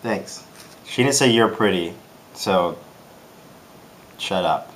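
A man's voice: low-pitched, animated, slow pace, a little hiss or hum. A young man co-hosting a comedy show, bantering goofily and reading fan questions aloud. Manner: jokey, sings silly jingles, reads fan questions. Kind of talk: goofy casual banter.

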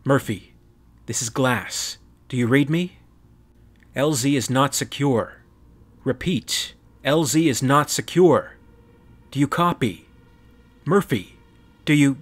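A man's voice: on the low side, steady tone, moderate pace, close to an everyday voice. A man doing a barking marine captain. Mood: urgent. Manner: barking orders, clipped military talk. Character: male marine captain, commanding, impatient.

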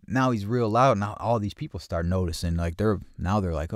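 A low-voiced podcast host tells a rough personal story at a normal speed with few pauses, in clean studio sound with no room echo. He's blunt and streetwise, swearing heavily and loudly acting out the voices of people in the story.

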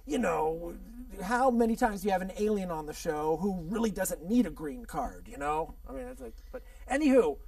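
A man's voice: high voice, sing-song, normal speed, few pauses, darkish tone, dry recording, distant mic. A man hosting a comedy talk show with over-the-top showman patter. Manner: over-the-top showman patter, repeats "I'll tell you what". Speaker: host.

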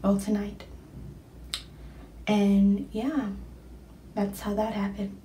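A young woman telling a casual storytime tale, slangy and animated, jumping into high excited bursts when she quotes people. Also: takes it slowly, reverberant, recorded from a distance.

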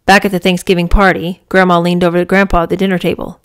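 A woman's voice: on the low side, little pitch movement, quick pace, clear, resonant tone. Chatty woman reading a memoir aloud. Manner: chatty, enthusiastic, many fillers. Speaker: book reader and reviewer. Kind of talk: memoir reading with casual commentary.

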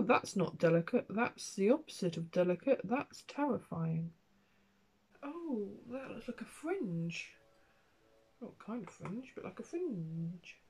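Young woman doing a makeup vlog, slow lively voice, jokes at herself and swears a lot. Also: mid-range voice, breathy edge. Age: young adult. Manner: self-mocking, swearing, talks to herself and her dog. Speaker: beauty vlogger.

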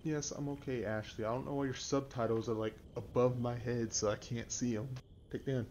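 A man giving let's-play commentary on a horror game, excitable and swearing, yelling at his companion character. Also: mid-range voice, a little fast, highs cut off, a little hiss or hum. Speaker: gamer playing a VR horror game.

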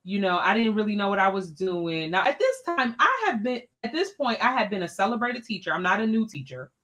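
A woman, an education scholar, telling a personal story as a podcast guest in an animated, expressive, colloquial way. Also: mid-range voice, a little fast.

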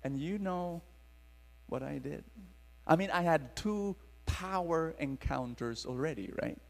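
Animated Filipino preacher in a hall. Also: male voice, on the high side, a little slow, gravelly. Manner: animated, dramatic storyteller engaging the crowd. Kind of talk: storytelling sermon to a live audience. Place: large hall with long reverb. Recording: live talk in reverberant hall.

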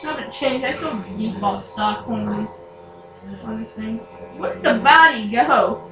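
A woman's voice: on the high side, a little slow, music in the background. A woman hosting casual gameplay commentary, chatty and self-mocking, who often laughs at her own mistakes. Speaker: gaming channel host. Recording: echoey room, distant mic, noisy.

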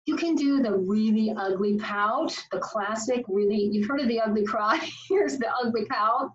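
A woman's voice: fairly high pitch, normal speed. A woman life coach giving an upbeat, playful motivational talk to camera. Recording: slightly distant, dull sound.

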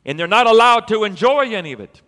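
High, bright-voiced preacher in a hall. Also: male voice, fast. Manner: animated storytelling, rising to emphatic peaks. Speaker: pastor. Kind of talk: sermon.

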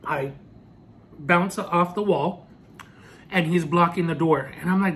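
A man vlogging a personal storytime as he eats, earnest and halting, with many restarts. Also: fairly high pitch, a bit bright. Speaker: food vlogger. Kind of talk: storytime while eating.

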